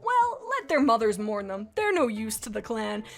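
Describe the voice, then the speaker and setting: Brief: woman playing a cruel male cat leader, loud and domineering, over-the-top villain for a fanfic reading. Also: on the high side, big pitch swings, moderate pace, soft background music. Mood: commanding.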